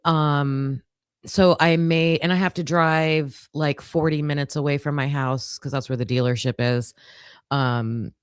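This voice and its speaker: This livestream host has a low-pitched, steady voice that is clear and resonant, moving at a measured pace despite her groggy morning tone. She chats casually with viewers and uses plenty of fillers, and the clean studio sound has no echo.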